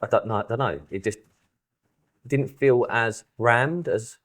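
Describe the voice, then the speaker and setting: A man, chatting casually on a podcast and acting out stories with lively retellings. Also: medium pitch, measured pace. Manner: animated storyteller who acts out quoted exchanges. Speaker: podcast host. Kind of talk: casual chat.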